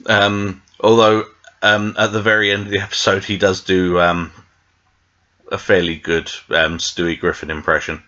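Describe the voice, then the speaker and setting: A man's voice: low voice, flat delivery, normal speed, bright, forceful tone, lo-fi sound. A British man reviewing a TV episode in a meandering, tangent-filled casual chat, full of fillers. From Britain. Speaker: TV show reviewer.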